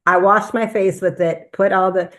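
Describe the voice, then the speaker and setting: A woman physician giving an animated personal testimonial at a business presentation. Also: mid-range voice, normal speed. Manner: animated storytelling, acts out quoted voices.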